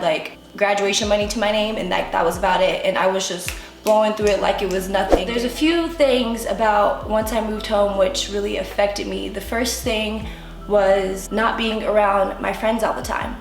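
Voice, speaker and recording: Gravelly-voiced young woman vlogger. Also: mid-range voice, steady tone, moderate pace. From United States. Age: 20s. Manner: candid, filler-heavy talk with frequent "like". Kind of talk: personal storytelling to camera. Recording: echoey room with faint music.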